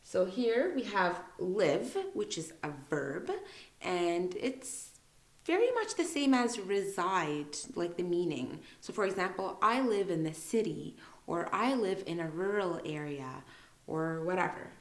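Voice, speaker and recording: A young woman teaches English at an unhurried, deliberate pace, stretching each example word so the stress comes through. Her voice rings a little in a noticeably echoey room. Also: on the low side, big pitch swings. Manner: patient, stretches out example words for emphasis. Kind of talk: slow, careful teaching explanation.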